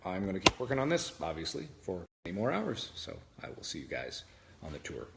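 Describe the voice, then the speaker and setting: Earnest rambling man, very low voice. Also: wildly swooping pitch, fairly quick, gravelly, a bit bright, a little hiss or hum. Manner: earnest, rambling, many restarts and self-corrections. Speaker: livestream host. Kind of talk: casual livestream chat. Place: room at home with his dog.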